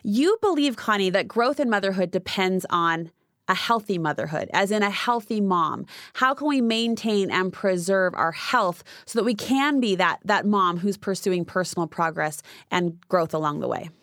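A woman's voice: mid-range voice, lively intonation, normal speed, no room sound. Affirming woman host, dry close sound. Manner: warmly affirming, chatty. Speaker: podcast host. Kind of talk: interview conversation.

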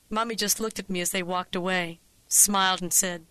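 A woman narrating a comic personal story with a wry, vivid, expressive delivery on a close studio mic. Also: on the low side, moderate pace, clear, resonant tone, no room sound, rough recording.

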